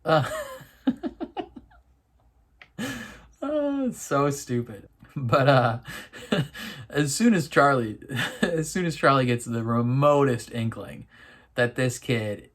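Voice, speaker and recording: A man talking through his thoughts at a slow, unhurried pace. His casual commentary is loose and rambling, full of little laughs, fillers and restarts. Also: mid-range voice, sing-song. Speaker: reaction video host.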